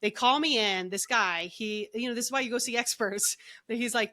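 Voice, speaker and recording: A middle-aged woman, a guest on a podcast, telling her story in an animated way and acting out the lines of others. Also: on the high side, brisk. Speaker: podcast guest, energy healer.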